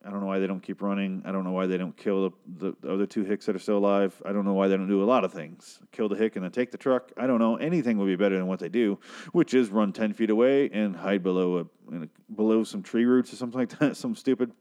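A man's voice: fairly low pitch, fast talker, dark tone, clean tone. A young man recapping a TV episode in casual, rambling commentary, sarcastic and swearing freely. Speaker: show recapper.

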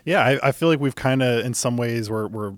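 A man hosting a casual interview, asking questions and chiming in with quick, friendly interjections. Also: mid-range voice, no echo, clean studio sound. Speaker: podcast host.

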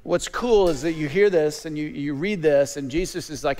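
A man preaching a sermon as a pastor, animated, with repeated phrases and quick stammered restarts. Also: on the high side. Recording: long reverb of a large hall.

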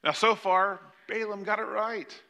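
A man's voice: high-pitched, steady tone, a little slow, creaky, sharp tone. An older man preaching a sermon, retelling a scripture story in a conversational way with joking asides. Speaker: pastor.

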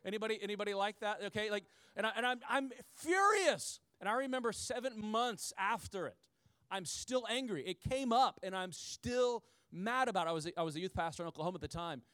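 A pastor preaching in a chatty, animated way, with frequent asides to the people listening. His voice sits high for a man. He repeats key lines for weight, and the sound is dry, with no room echo. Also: fairly quick, clear, resonant tone. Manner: repeats key phrases for emphasis. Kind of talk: sermon.

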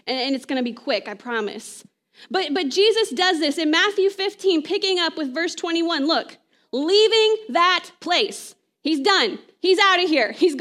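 A woman preaching a conversational sermon, often checking in with "right?" and slowing down to read scripture aloud. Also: extremely high pitch, fairly bright tone.

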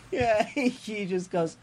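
A man's voice: high-pitched, slight background noise. A man co-hosting a podcast, casually retelling a comic story with frequent laughter and acted-out quotes. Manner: giggly, animated retelling of a comic, acts out quotes. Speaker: podcast co-host.

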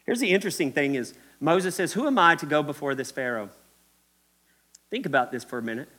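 A male pastor from Kentucky preaches in his Kentucky accent, his voice bright and sharp. He leans on repetition and speaks straight to the congregation in a church. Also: medium pitch. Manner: emphatic, repetitive, addresses the congregation directly. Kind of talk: sermon.

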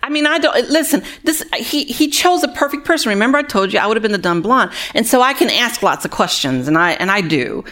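A woman who runs a women's recovery ministry, telling animated, heartfelt stories to an audience. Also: mid-range voice. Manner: animated, acts out other people's voices; earnest and heartfelt, drops quieter on sad moments. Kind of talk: storytelling talk to an audience.

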